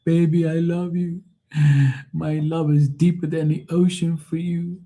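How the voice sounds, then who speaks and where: A man's voice: fairly high pitch, little pitch movement, unhurried, warm tone, voice pushed up. A man putting on a whiny, pleading lovesick man with a mock Irish accent.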